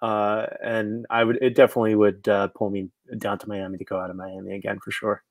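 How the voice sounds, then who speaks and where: A man's voice: lowish voice, little pitch movement, a little fast, no echo. A man in his thirties co-hosting a podcast, talking casually and hesitantly, with many filler words. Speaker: podcast co-host. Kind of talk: casual news chat.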